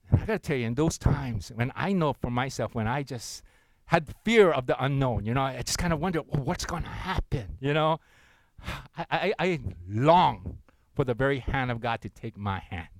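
A man, a pastor preaching a sermon, earnest and gentle, with soft intimate passages and loud slow scripture readings. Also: mid-range voice, animated, no echo, rough recording.

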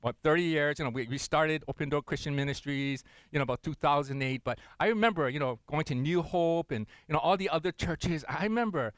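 A man's voice: on the high side, fairly quick, few pauses, no room sound. A middle-aged man preaching a sermon as pastor, talking in a loose, conversational way full of fillers and repeated words.

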